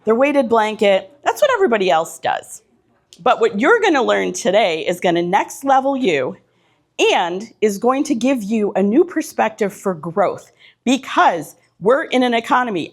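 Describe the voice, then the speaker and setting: A woman's voice: fairly high pitch, very animated, moderate pace. A middle-aged woman giving a motivational talk to a live audience in an event room, punchy and direct, stacking short repeated phrases. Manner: punchy, direct, repetitive lists. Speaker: keynote speaker.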